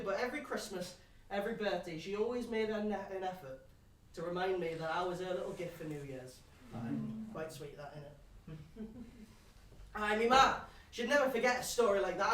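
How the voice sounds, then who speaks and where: A man's voice: high-pitched, fairly bright tone. A young man with a Geordie accent acting a brash, crude pub regular in a one-man live stage show, rambling and swearing as he banters cheekily with the audience. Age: young adult. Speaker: stage actor. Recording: roomy stage sound from far off with audience. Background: audience laughing.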